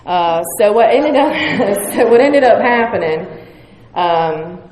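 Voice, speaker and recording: This woman from West Virginia talks slowly, her mid-range voice full of lively intonation, as she shares frankly and profanely at a recovery meeting, poking fun at herself. A crowd is audible in the roomy hall.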